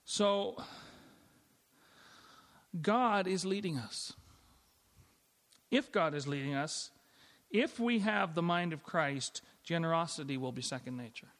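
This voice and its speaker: Middle-aged male pastor, sermon, conversational with restarts, slightly high voice, long church reverb. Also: expressive, slow pace, pauses often, fairly bright tone. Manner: conversational, with frequent restarts and light laughs.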